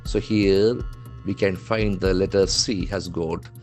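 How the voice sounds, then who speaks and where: A man gives a patient vocabulary lesson in a somewhat low voice. He talks deliberately and spells each key word out letter by letter. Faint music plays underneath. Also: fairly even intonation, darkish tone. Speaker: English language trainer.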